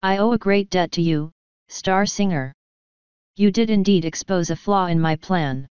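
A woman's voice: on the low side, moderate pace, a little mellow, smooth, no room sound, close to an everyday voice. A woman voicing a proud, commanding female pony sorceress with haughty, formal speech, in a slightly dull, dry recording. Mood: imperious.

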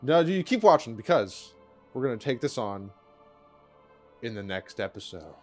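A man's voice: medium pitch, sing-song, normal speed, soft background music. A man co-hosting a let's play, rambling and joking crudely in casual gaming commentary.

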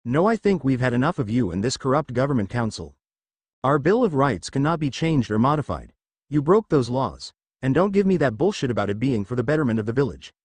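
A man voicing an angry, defiant teenage boy ninja who rants and shouts. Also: mid-range voice, very animated, a little fast, husky, no echo. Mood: furious. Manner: shouting, ranting.

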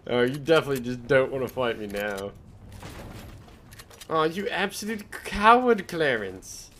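A young man streaming live gameplay, excitable and trash-talking as he taunts his opponents. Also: mid-range voice, unhurried, a little hiss or hum.

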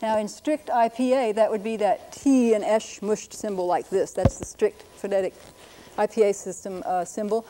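A woman's voice: mid-range voice, fairly even intonation, normal speed, mellow, slight background noise. A middle-aged woman linguist giving a patient, lightly humorous lecture on writing systems. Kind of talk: classroom-style lecture.

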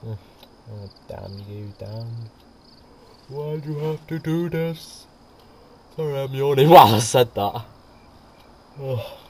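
A man's voice: medium pitch, takes it slowly, long pauses, a little hiss or hum. Chatty young man narrating gameplay. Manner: chatty, rambling, laughs often. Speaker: gameplay commentator. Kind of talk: casual let's-play commentary. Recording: quiet home mic with music behind.

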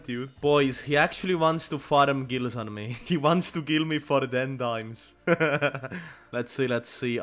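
Young male gaming commentator, excitable and sweary, high-ish lively voice, soft game music under him. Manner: swings from muttering to loud laughing outbursts, swears a lot. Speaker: gaming YouTuber.

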